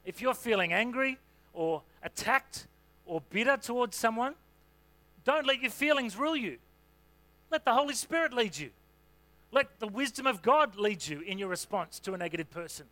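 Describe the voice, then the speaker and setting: Preaching at normal speed, a senior pastor speaks in a very high voice. He keeps the sermon relaxed and chatty, leaning often on "you know."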